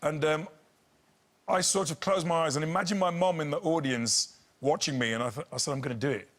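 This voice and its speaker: A man's voice: a little high, fairly quick. A man, telling anecdotes on a chat show and slipping into voices. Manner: animated storyteller, slips into voices and impressions. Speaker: guest. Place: TV studio with audience.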